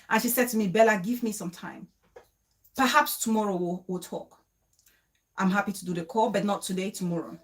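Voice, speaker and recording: A woman vlogger telling a story to camera in a casual way, emotional and pleading, with quick bursts and repeated questions. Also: a little high, fairly bright tone.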